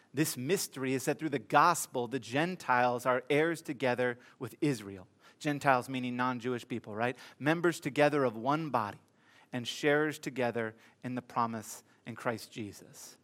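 A man's voice: mid-range voice, normal speed, a bit bright. A middle-aged man preaching a sermon, telling a funny story with comic asides to his congregation before reading scripture. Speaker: pastor.

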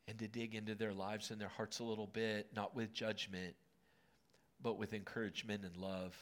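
Fifty-nine-year-old pastor, conversational sermon. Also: male voice, on the low side, normal speed. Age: 50s. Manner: conversational, animated storytelling with asides to the congregation; drops to a soft, gentle tone on key words. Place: auditorium.

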